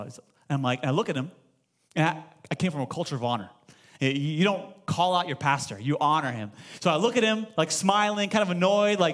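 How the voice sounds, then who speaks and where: A man's voice: a little high, fast talker. A man in his thirties, a pastor giving a sermon in a church and telling stories with acted-out dialogue. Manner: animated storytelling, acts out dialogue. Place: church sanctuary.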